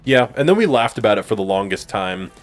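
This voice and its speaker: A man's voice: lowish voice, sing-song, fast. Rambling man telling a story over game music. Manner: rambling, filler-heavy, laughing at own stories. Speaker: gameplay co-host. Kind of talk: casual storytelling chat over gameplay.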